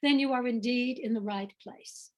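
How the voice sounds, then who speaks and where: A woman's voice: on the high side, moderate pace, a little mellow, natural voice. A woman voicing a pompous, condescending male acting teacher with haughty, over-precise diction.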